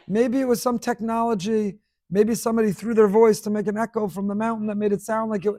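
A man's voice: high-pitched, little pitch movement, fast talker, mellow, natural voice. A man voicing a sneering male tempter who needles with repeated doubting questions. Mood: taunting. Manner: needling, repetitive rhetorical questions.

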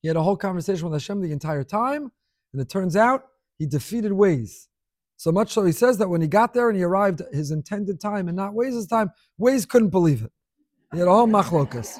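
High-voiced animated man giving a sermon. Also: quick pace, no room sound, studio quality. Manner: animated, rhetorical questions, repeats phrases for emphasis. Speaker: rabbi giving a class. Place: room with an audience.

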